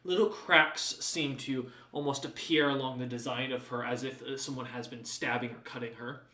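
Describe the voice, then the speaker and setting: A man's voice: mid-range voice, steady tone, moderate pace, sharp tone, roomy sound, far from the mic. A man narrating as game master of a tabletop role-playing game, chatty and laughing, with many fillers.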